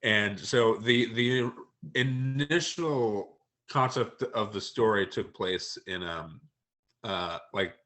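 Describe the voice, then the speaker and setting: Male author guest, hesitant and measured, low voice with a bright edge. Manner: hesitant, many pauses and ums. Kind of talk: casual interview chat.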